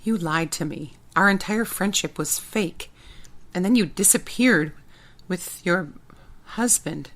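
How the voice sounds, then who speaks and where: A woman's voice: lowish voice, slow, a bit bright, heavily acted. A woman reading an audiobook, voicing a forty-year-old mother turned secret agent who talks in demanding, angry bursts. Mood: shaken.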